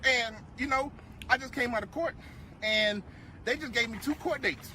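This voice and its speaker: A man's voice: very high-pitched, moderate pace, pushed and bright, a little hiss or hum. A man telling a boastful, punchline-driven joking story to camera.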